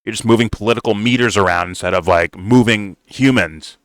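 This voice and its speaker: A heated man tears into a political video he is reacting to, cursing at every turn. His voice sits a little low and pushes forward with a hard, tense edge, recorded close and dry. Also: brisk, a bit bright, no room sound. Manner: blunt, heated, swears constantly, says "bro". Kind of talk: profane reaction rant.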